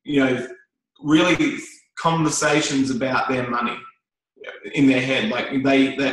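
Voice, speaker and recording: A man coaching a group in a casual, rambling way, circling back and repeating himself. His voice rings out in a very echoey room. The pitch sits mid-range for a man. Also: fairly even intonation, moderate pace, a bit bright. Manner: casual, repetitive, many fillers and restarts. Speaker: network marketing trainer. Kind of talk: motivational talk to a group.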